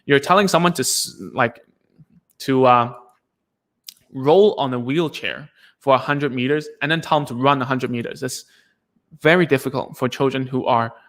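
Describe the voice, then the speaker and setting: A man's voice: medium pitch, normal speed, pauses often, a bit bright. A man, a speech therapist, teaching in a casual live session, chatty and self-deprecating with many fillers and restarts.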